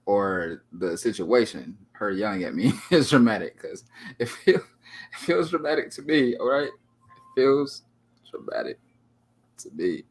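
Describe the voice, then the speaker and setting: A man hosting a casual livestream chat in a low, gravelly, husky voice. He talks slowly but swings his pitch a lot, playfully teasing and putting on mock drama. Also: very animated. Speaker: livestream talk show host.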